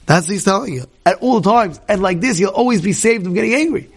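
Lively high-voiced rabbi teaching. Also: male voice, fast talker, slightly rough. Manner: animated, acts out shouting examples, mixes Hebrew quotes with English. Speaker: rabbi teaching a Torah class. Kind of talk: lively Torah class.

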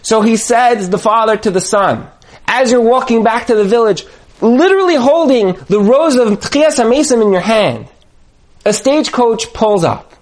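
Man, rabbi, sermon, dramatic storyteller, emphatic near-shouting. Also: very high voice, lively intonation, moderate pace.

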